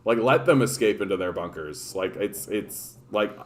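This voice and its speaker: A man's voice: on the low side, animated, normal speed. Profane rambling male livestream host. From Canada. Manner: profane, rambling, sarcastic, many restarts. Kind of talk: casual ranting livestream chat.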